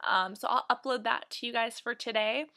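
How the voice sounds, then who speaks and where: Chatty bright-voiced 19-year-old woman. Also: on the high side, moderate pace. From United States. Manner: chatty and rambling, many fillers like "um" and "like". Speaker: beauty vlogger. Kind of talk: casual chat to camera. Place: at home, near the kitchen.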